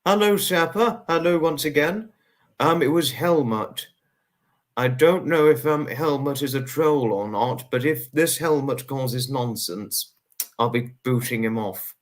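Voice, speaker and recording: A man's voice: mid-range voice, measured pace. Effusive man greeting livestream viewers. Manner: effusive, repeats thanks and greetings, stretches out names. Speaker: livestream host. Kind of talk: live stream chat, greeting viewers.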